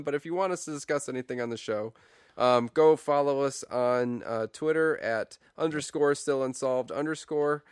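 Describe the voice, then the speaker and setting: Male podcast co-host, crisp voice, casual and goofy, filler-heavy. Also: medium pitch, no echo, studio quality. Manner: rambling, full of fillers, playful. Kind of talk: casual joking podcast chat.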